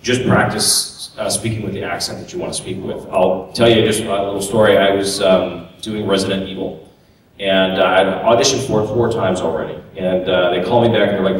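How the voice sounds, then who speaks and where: Man with a low voice in an echoey hall. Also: fairly even intonation. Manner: loose, halting, with restarts and fillers. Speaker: voice actor on a convention panel. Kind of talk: panel Q&A answering audience. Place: convention panel room. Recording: echoey hall, distant mic, faint noise.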